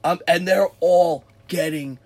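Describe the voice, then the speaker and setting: Husky man rambling through a story. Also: high-pitched, steady tone, unhurried, darkish tone, dry recording. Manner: rambling, repeating words while telling the story. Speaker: friend chiming in on the story. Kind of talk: casual chat.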